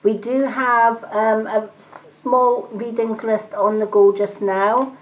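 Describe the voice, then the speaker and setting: A woman doing live-stream tarot readings, talking calmly and reassuringly and greeting viewers by name. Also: fairly high pitch, slow, rough recording. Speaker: tarot reader and medium.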